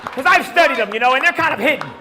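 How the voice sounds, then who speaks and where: A brash stand-up comedian with a high, bright-sitting voice works a live club crowd, punchy and loud. Laughter and room noise from the audience fill the space around him in this live recording. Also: male voice, expressive, rapid-fire.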